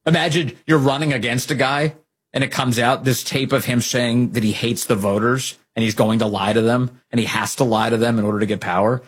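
A man hosting a political talk show, delivering sarcastic, animated commentary. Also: mid-range voice, fairly quick, husky. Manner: animated, sarcastic, mimics opponents.

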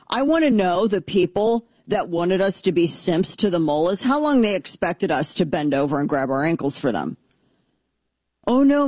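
A woman's voice: medium pitch, darkish tone, no echo. A middle-aged woman hosting a political talk radio show, blunt and sarcastic, fired up as she rants into a studio mic. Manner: fired-up, sarcastic, blunt, mocking voices of opponents.

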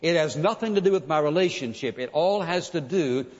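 A man's voice: fairly high pitch, animated, fairly quick, a little mellow. A man preaching a sermon in an earnest, emphatic way, sometimes acting out pleading prayers. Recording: dull sound with long hall reverb.

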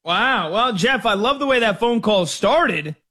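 A man's voice: high voice, animated, unhurried, bright, forceful tone. A man hosting a sports talk radio show, telling stories with jokey mock outrage.

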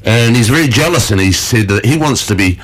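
A man's voice: mid-range voice, expressive, brisk. A man, hosting a casual radio chat, chatty and joking, laughing often. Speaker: radio host.

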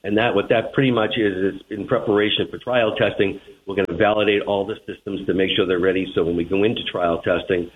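Deep-voiced Boston man on a phone line. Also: fairly even intonation. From Boston, USA. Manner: measured, repeats words when starting phrases. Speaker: transit general manager, phone guest. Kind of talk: radio interview on the phone. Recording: tinny phone line with faint hiss.

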